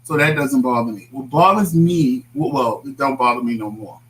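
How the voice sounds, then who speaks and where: A man co-hosting a casual talk show, telling stories in a blunt, animated way. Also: mid-range voice, moderate pace, a little hiss or hum, poor audio. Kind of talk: casual chat.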